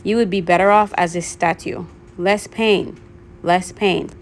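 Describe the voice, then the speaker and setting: A sly female monster from a storybook purrs her words, soothing and coaxing, as a woman reader puts her on. Her voice sits on the low side and never rises to a threat for long. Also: steady tone, a little slow.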